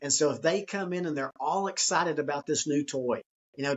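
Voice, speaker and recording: An earnest man talks through his ideas in an unhurried, reflective way. His voice sits a bit higher than most men's. The sound is muffled and lo-fi. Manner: earnest, acts out children's excited voices. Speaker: author and guest. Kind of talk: conversational interview.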